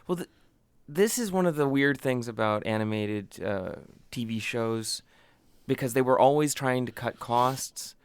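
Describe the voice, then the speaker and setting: A man's voice: medium pitch, unhurried, clean tone, no echo. A man co-hosting a comedy podcast, explaining things at length with teasing asides. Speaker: podcast co-host. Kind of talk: casual comedy chat.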